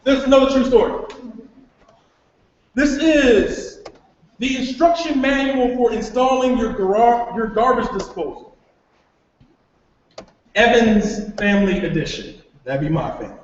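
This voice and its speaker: A man, a performance poet, acting out a comic story on a live stage with animated, exasperated delivery. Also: very high voice, unhurried, long pauses, a little hiss or hum. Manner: animated, acts out a comic scene with rising exasperation. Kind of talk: live spoken-word performance. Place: live venue before an audience. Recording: echoey hall, distant mic, dull sound.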